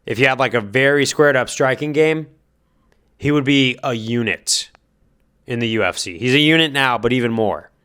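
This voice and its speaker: A man's voice: medium pitch, moderate pace, bright, forceful tone, smooth. A man giving casual spoken fight commentary, thinking aloud and hedging his guesses, then giving direct advice.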